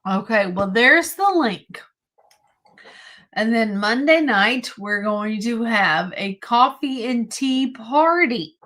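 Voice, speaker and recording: A woman's voice: on the high side, lively intonation, takes it slowly, a bit bright. A woman hosting a live online vintage sale, praising items enthusiastically and announcing upcoming shows.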